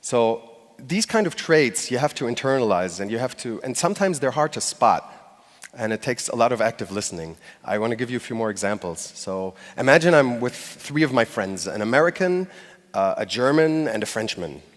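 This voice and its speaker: A man's voice: mid-range voice, very animated, normal speed. A man giving a conversational talk on stage, speaking directly to a live audience. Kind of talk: conference talk. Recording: long hall reverb.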